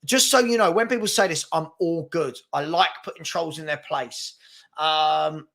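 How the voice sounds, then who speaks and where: A man's voice: on the high side, normal speed, a bit bright. A man hosting a live fan chat show, chatty and brash as he reads comments and takes on trolls. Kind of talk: casual live-stream chat reading comments.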